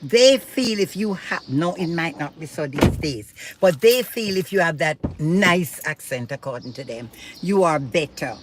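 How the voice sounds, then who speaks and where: A woman chatting casually in a blunt, opinionated way, telling animated stories. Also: low-pitched, a little slow. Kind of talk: casual chat. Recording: noisy background.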